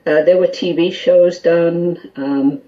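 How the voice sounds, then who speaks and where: A woman guest on a call-in radio show, telling an animated story full of quoted dialogue and small laughs. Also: on the low side, slow, highs cut off. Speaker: guest, skull interpreter.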